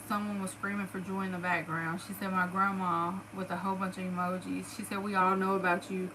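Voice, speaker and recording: A woman's voice: mid-range voice, background noise. A woman with a Southern US accent chatting to her followers, emotional and full of fillers. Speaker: vlogger. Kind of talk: casual storytelling to followers.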